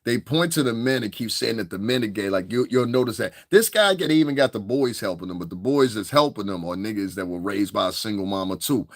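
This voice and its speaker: A man's voice: lowish voice, lively intonation, fairly quick, hardly any pauses, dry recording, studio quality. A man giving crude, rambling, unscripted commentary, laughing often between points. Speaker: commentary streamer.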